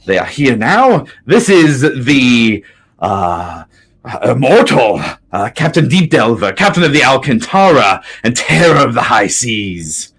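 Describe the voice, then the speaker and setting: A man's voice: medium pitch, sing-song, measured pace, husky, voice pushed up, heavily acted. A man voicing a small, proud, bombastic male commodore in a tabletop game. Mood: booming. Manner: loud, grand introductions.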